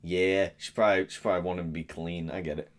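A man's voice: low-pitched, fairly even intonation. A man co-hosting a casual true-crime podcast, chatting loosely and swearing casually. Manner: reads quotes slowly, swears casually. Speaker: podcast co-host.

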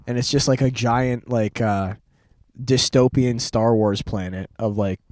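A man's voice: medium pitch, steady tone, unhurried, a little mellow, dry recording, clean studio sound. A man in his twenties telling a rambling story on a casual podcast, full of fillers and restarts. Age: 20s. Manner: rambling, lots of fillers and restarts, laughs often. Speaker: podcast host.

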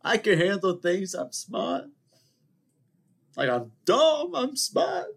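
A man putting on a resentful, insecure mob brother who whines loudly and pleads for respect. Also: high-pitched, wildly swooping pitch, slow pace, gravelly, breathy edge, pitched above the performer's own voice, exaggerated voice. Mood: pleading. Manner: whiny, loud and pleading.

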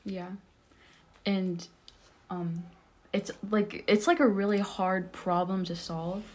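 A woman's voice: mid-range voice, slow pace. A young woman co-hosting a casual podcast, speaking hesitantly with many fillers and often trailing off. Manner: hesitant, full of likes and ums, trails off. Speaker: podcast co-host. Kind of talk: casual chat.

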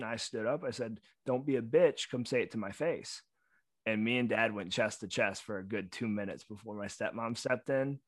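A man co-hosting a casual chat, telling stories bluntly and excitably, with plenty of swearing. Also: fairly low pitch, dry recording. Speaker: podcast co-host.

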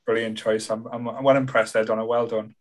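A man hosting a casual podcast chat, relaxed and affirming, chuckling often. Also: mid-range voice, fairly quick. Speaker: podcast host.

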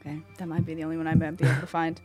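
A woman's voice: deep voice, little pitch movement, very fast, darkish tone, faint music behind. A young woman co-hosting a casual podcast interview, a friendly questioner who laughs often. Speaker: podcast co-host.

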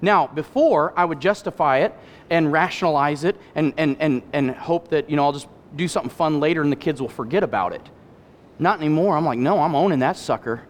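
A middle-aged male pastor giving an animated sermon, acting out voices and making candid personal asides. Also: on the high side, fairly quick. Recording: hall reverb.

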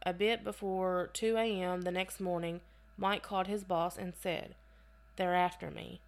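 A woman's voice: lowish voice, level tone, normal speed. A woman co-hosting a casual podcast, reading case notes aloud and breaking off into chatty asides. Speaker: podcast co-host.

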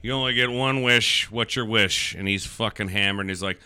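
A man's voice: lowish voice, moderate pace, hardly any pauses, bright, forceful tone, clear, resonant tone. A man in casual, crude podcast banter who tells dirty jokes and acts out the voices in them. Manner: crude, joke-telling, acts out voices in his story.

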